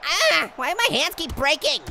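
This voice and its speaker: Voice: high-pitched, sing-song, normal speed, gravelly, heavy background noise, exaggerated voice. A performer voicing a cheeky, hyper male cartoon orange who narrates a comedic VR boxing playthrough, taunting and cackling constantly. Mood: taunting glee. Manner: taunting, giggly, constant cackling laughs and wisecracks. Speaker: gameplay commentator.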